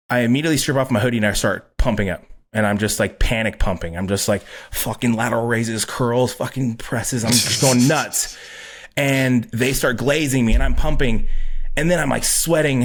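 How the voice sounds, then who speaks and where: A man guest on a podcast, telling a story casually, swearing a lot and acting out quotes loudly. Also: mid-range voice, normal speed. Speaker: podcast guest, pro bodybuilder.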